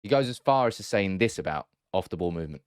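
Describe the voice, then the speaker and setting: A man's voice: low-pitched, expressive, quick pace, a little hiss or hum. A man hosting a football analysis video, talking through tactics in a chatty way with frequent restarts and self-corrections. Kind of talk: casual tactical breakdown.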